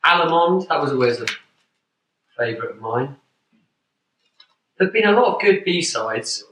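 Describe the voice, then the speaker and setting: A man with a bright, forceful voice chats in a joking, self-mocking way. He sounds set back from the mic in a roomy space. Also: fairly high pitch, big pitch swings, normal speed, recorded from a distance. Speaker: band member. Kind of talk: casual chat. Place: backstage room at a venue.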